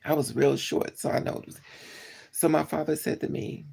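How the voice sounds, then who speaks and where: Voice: mid-range voice, steady tone, moderate pace, vocal fry, mellow, breathy edge. A livestreamer telling a personal story to live chat in a casual way, talking bluntly with swearing and often repeating and correcting themselves.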